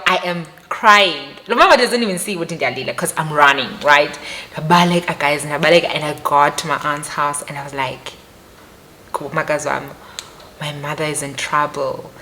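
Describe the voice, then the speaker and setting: Young woman, South African accent, lowish voice, animated vlog storytelling, talks straight to viewers. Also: brisk. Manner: animated, emphatic, repeats phrases, addresses viewers directly. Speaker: vlogger. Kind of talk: personal storytelling to camera.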